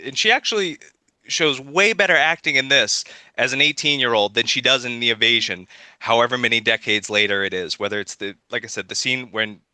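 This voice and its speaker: Sharp, dry-sounding man rebutting. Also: mid-range voice, a little fast, no echo. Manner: combative, rebuts firmly. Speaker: podcast debater. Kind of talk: casual debate chat.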